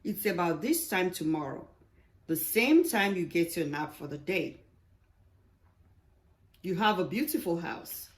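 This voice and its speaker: Here is a nosy old neighbor man, friendly and rambling, who pokes fun at people and talks in a slow, lowish voice, as a woman reads him aloud in a stage play. His teasing stays good-natured. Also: lively intonation.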